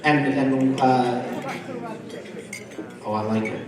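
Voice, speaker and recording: This D.C.-area comic from the East Coast of the United States speaks slowly in a steady, mid-range voice with vocal fry. At a dinner show, he does chatty crowd work and keeps asking the audience questions. The hall is echoey, and he sounds distant.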